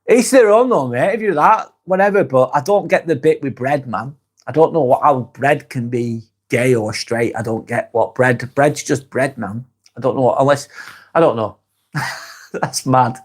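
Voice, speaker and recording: A Lancashire-accented man from England hosts a laid-back live stream, working through viewer comments with frank answers, frequent swearing and musing. His voice is medium in pitch and paced normally.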